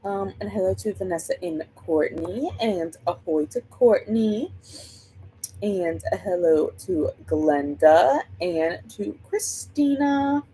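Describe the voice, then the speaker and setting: A woman's voice: mid-range voice, lively intonation, takes it slowly, warm tone, slight background noise, poor audio. A woman hosting a book livestream, chatting casually and rambling while she greets viewers by name.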